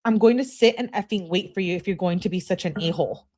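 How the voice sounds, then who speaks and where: A woman's voice: fairly low pitch, fast talker, a little mellow, close to an everyday voice. A woman reading aloud the text messages of a pushy young woman to her boyfriend, in a demanding tone, with curse words spelled out as letters.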